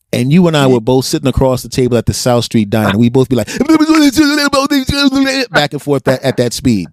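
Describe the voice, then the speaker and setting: A comedian with a Philadelphia accent chats on a podcast in a mid-pitched male voice. He tells stories with energy and slips into other people's voices as he goes. The sound is dry and close, with little room echo. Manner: animated storyteller who acts out other people's voices. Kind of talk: casual podcast chat.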